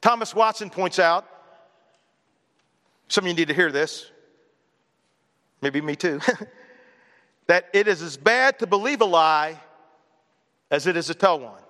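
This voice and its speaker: A man's voice: high-pitched, pushed and bright. A male pastor preaching a sermon in a conversational, storytelling way, now and then imitating others in a raised voice. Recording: long hall reverb.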